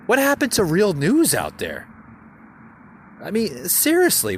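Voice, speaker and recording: A man's voice: high-pitched, wildly swooping pitch, a little slow, a little hiss or hum. Ranting, stammering podcast man. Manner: repetitive, stammering, addresses listeners as folks. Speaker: podcast host. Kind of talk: ranting solo podcast monologue.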